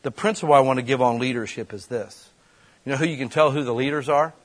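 A man preaching a sermon in a conversational way, breaking into quick acted-out voices. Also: mid-range voice. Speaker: pastor.

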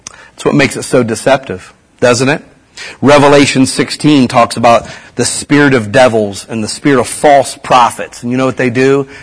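A man's voice: medium pitch, steady tone, normal speed, slightly rough, rough recording. A man preaching a sermon in a conversational way, asking his audience rhetorical questions.

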